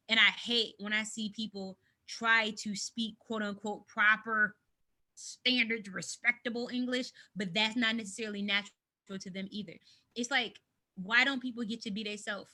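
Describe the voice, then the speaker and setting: An outspoken woman from the United States, talking frankly in an interview over a video call from home. Her voice is bright and a touch high, and she stresses her points with force. She sounds plain and direct. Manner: emphatic, animated, speaks her mind. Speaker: interview guest. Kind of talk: candid conversational interview.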